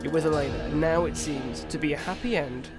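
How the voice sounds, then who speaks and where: A man with a fairly high-pitched voice talks through a video game review in quick, excitable bursts. Game music plays clearly beneath him, and he reacts loudly whenever big moments hit.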